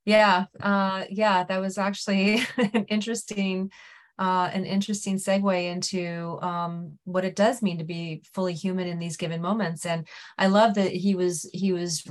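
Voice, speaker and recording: A woman speaking earnestly and thoughtfully in a panel discussion, pausing with fillers as she works out her ideas. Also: medium pitch, flat delivery.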